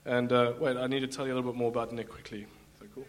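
A man telling his personal testimony in front of a church congregation, halting with many fillers and restarts. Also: medium pitch, flat delivery. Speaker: guest giving a testimony.

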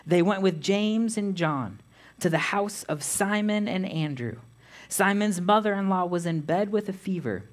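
A woman pastor giving a sermon, reading scripture aloud in a measured way. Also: mid-range voice.

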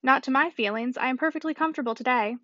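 A gallant young gentleman full of teasing impudence, read by a woman. The voice stays high. The recording is dry and muffled. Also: quick pace, dry recording. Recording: dull dry audiobook recording.

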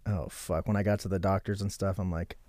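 A man's voice: sits low, flat delivery, brisk, a little mellow, no room sound. A man in his thirties sits as a guest on a casual podcast, telling a long story. He swears often and acts out the lines of everyone involved. He is heard on a close, dry mic with no room sound.

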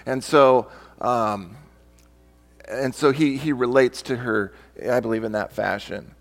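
A man's voice: medium pitch, slow, vocal fry, soft background music. A male pastor preaching a sermon, reading scripture aloud and explaining it, sometimes acting out different tones of voice.

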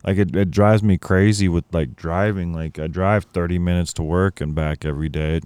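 Low smooth voiced dude, chill podcast chat, says like and man a lot, dry close mic. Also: normal speed, no echo. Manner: relaxed, agreeable, frequent "like" and "man". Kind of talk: casual chat.

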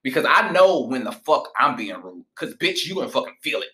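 A man hosting a podcast, telling stories in a blunt, profane and animated way. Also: mid-range voice, brisk, echoey room, very noisy. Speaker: podcast host. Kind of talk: casual podcast monologue.

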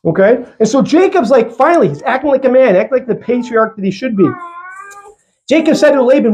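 A male pastor preaching a sermon in a church, lively and conversational, with jokey asides. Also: sits high, a little fast.

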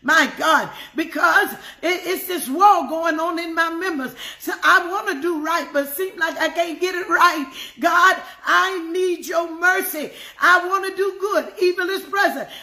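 Fervent high-voiced woman praying aloud. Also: a little slow, few pauses, bright, forceful tone, roomy sound. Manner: fervent, prays aloud, repeats phrases. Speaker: devotional teacher. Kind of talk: prayerful sermon on scripture.

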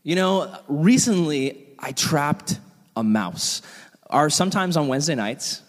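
A man's voice: on the high side, animated, unhurried, in a large hall. A young man casually preaching to a youth group, telling jokey stories full of likes and ums. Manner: chatty, joking storyteller with many fillers. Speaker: youth pastor. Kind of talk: casual sermon.

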